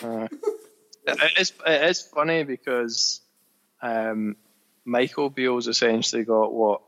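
A young man talking football on a casual podcast, calm and measured, with a dry edge. His voice sits in a middle register and he weighs his words. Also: medium pitch, big-room sound, a little hiss or hum, rough recording. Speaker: podcast co-host.

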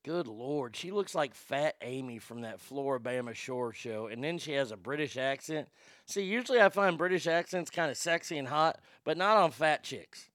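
A man's voice: mid-range voice, expressive, moderate pace, fairly bright tone, no room sound, studio quality. A male radio host giving blunt, vulgar, mocking comedic commentary.

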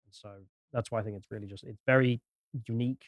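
Brief: male podcast co-host, hesitant restarts, quick delivery. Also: mid-range voice, fairly even intonation, no room sound. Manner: hesitant, restarts and trails off quietly. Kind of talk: casual chat.

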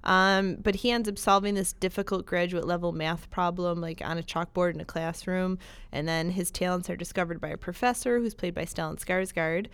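A woman's voice: lowish voice, steady tone, a bit bright, clear, resonant tone. Chatty woman co-hosting a movie podcast. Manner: chatty, quick to laugh. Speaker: podcast co-host. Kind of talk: casual movie chat.

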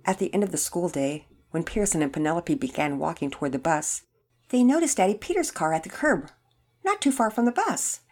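A woman host announcing contest winners and reading a children's story aloud clearly. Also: lowish voice, a little fast. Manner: clear and animated.

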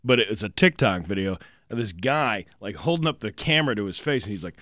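A man's voice: fairly low pitch, lively intonation, a little fast, fairly bright tone, dry recording, clean studio sound. A man co-hosting a radio show, chatting casually in a rambling way with many restarts.

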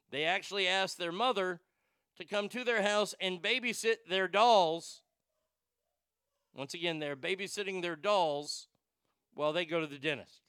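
Male radio host, bright crisp tone, dry studio sound, animated crude rants full of restarts. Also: on the high side, no echo. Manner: animated, stammering restarts, crude mocking asides. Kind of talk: ranting talk radio monologue.

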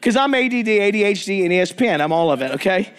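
High-voiced, animated male preacher. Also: quick pace, smooth. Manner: animated, acts out quoted voices, jokey asides. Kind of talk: energetic storytelling sermon. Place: church or men's meeting hall.

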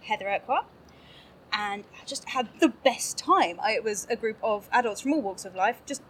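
A woman's voice: mid-range voice, animated, moderate pace, a bit bright, breathy edge. A woman guest on a podcast, chatting casually and laughing often as she pokes fun at herself. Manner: bubbly, laughs often, self-mocking. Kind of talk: casual interview chat.

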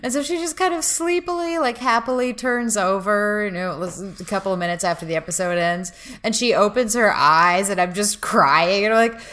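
A woman co-hosting a podcast, telling a story in a lively, emotional and self-mocking way during casual chat. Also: medium pitch, moderate pace. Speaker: podcast co-host.

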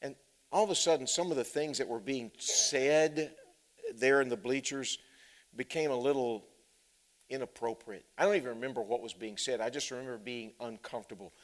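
A man preaching a sermon who drops to hushed, low passages and then climbs into loud, emphatic runs of repeated phrases. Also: normal speed. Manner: builds with repeated parallel phrases.

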